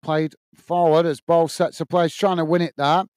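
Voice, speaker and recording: A man's voice: on the high side, level tone, moderate pace, darkish tone, clear, resonant tone, no room sound, clean studio sound. Chatty man hosting a match stream. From United Kingdom. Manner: chatty, reads out viewer messages, calls play-by-play. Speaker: watch-along host. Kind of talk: casual live commentary and chat reading.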